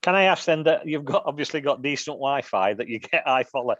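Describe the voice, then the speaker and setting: A man's voice: medium pitch, animated, fairly quick, fairly bright tone, no echo. Man interviewing on a dull dry line. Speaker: podcast host. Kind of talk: casual chat.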